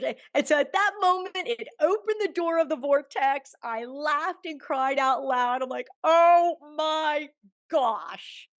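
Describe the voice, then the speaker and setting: Lively storytelling woman in her sixties. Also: sits high. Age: 60s. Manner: animated, acts out quoted dialogue, laughs often. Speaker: podcast guest. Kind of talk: storytelling in a conversational interview.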